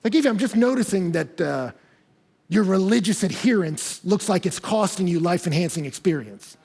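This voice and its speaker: A man's voice: high-pitched, animated, moderate pace, gravelly, darkish tone, breathy edge, full character voice. A man voicing the sly serpent tempter. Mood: coaxing. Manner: coaxing, casual persuasion. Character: sly male serpent tempting, smooth-talking and insinuating.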